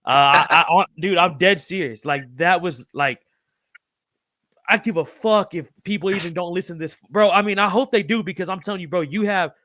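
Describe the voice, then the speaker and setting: A man's voice: sits high, fairly quick, pushed and bright, no echo, clean studio sound. A man hosting a podcast, talking in an effusive, profane way and saying bro over and over. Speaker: podcast host. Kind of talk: casual podcast interview.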